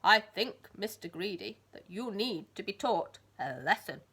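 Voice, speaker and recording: A woman's voice: mid-range voice, animated, unhurried, pushed and bright, breathy edge, full character voice. A woman voicing a huge, cross male giant who thunders and bellows in a storybook reading. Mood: thundering.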